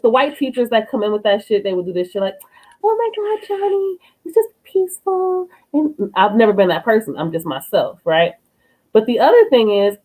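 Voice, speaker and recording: A middle-aged woman in casual podcast conversation, blunt and outspoken, swearing freely as she tells stories. Her pitch swings widely and lively. She sounds expressive and direct. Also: low-quality recording. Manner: blunt, animated storyteller who swears freely. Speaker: co-host, youth worker.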